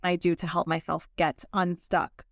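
A woman's voice: on the low side, level tone, moderate pace. A woman psychologist guest speaking in a casual, reflective way, with frequent "like" and "you know". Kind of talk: casual conversational interview.

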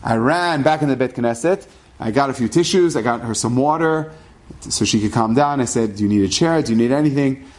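A middle-aged rabbi telling a personal story in a lively way, sprinkling Hebrew terms into his English. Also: medium pitch, fairly quick.

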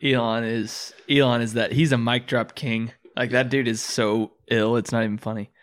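A man's voice: medium pitch, little pitch movement, moderate pace. A young man in casual podcast chat, laughing often and swearing while telling stories.

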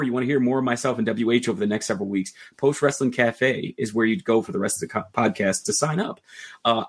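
Male podcast host, casual chat, rambling, husky voice, medium pitch. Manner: relaxed, rambling, light joking.

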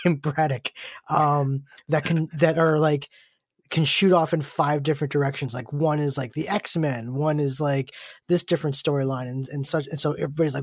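A married man co-hosting a podcast, telling stories in animated casual chat and quoting others. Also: a little high, dry recording, clean studio sound. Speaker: podcast co-host.

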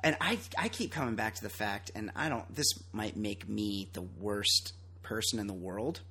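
A man's voice: on the low side, moderate pace, vocal fry, pushed and bright, slightly rough. A man hosting a podcast, chatting casually and ranting bluntly with plenty of swearing. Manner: blunt, profane, opinionated ranting. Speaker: podcast host. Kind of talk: casual chat.

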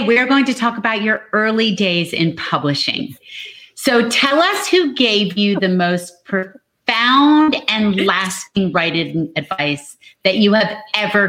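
A woman's voice: mid-range voice, a bit bright, poor audio. A woman co-hosting an online book show, upbeat and playful. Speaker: co-host. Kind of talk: casual chat and read ad.

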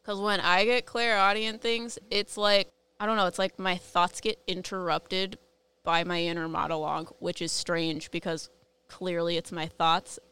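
A woman's voice: on the low side, level tone, unhurried, bright, forceful tone, clean tone. A woman co-hosting a casual podcast, asking curious follow-up questions in a playful way. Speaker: co-host.

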